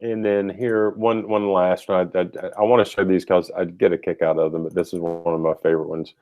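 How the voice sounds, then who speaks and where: A man with a fairly low voice hosts a relaxed webinar. He talks loosely, cracks jokes and stumbles over his words with many fillers and restarts. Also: fairly quick. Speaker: host. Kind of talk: casual webinar talk.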